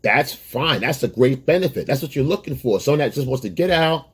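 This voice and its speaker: A man's voice: medium pitch, expressive, a little fast, slightly rough. Man, dating coach, advice monologue to camera, blunt, emphatic, repeats himself.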